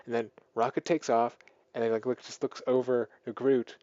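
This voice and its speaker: A man's voice: medium pitch, brisk, no echo. Man, casual film reviewer, rambling plot recap, lots of ums and likes, dry close sound, a bit dull. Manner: rambling, filler-heavy, excited plot retelling. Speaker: movie reviewer.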